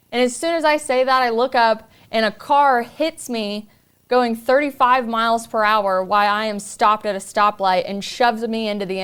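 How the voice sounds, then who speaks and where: A woman's voice: on the high side, fairly bright tone, clear, resonant tone. A woman podcast host telling a personal story in an earnest, confiding way.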